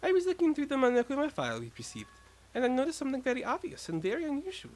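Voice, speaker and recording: A man voicing a calm, sharp-minded teenage girl detective with a cool, probing manner. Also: very high-pitched, rapid-fire, pitched above the performer's own voice, heavily acted.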